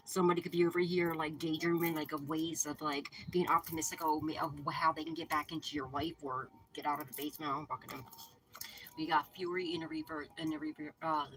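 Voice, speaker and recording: A woman's voice: low-pitched, a bit bright, slight background noise, poor audio. A woman hosting her channel, giving viewers a casual, profane spiritual pep talk and repeating her reassurances over and over. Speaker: spiritual reader and channel host.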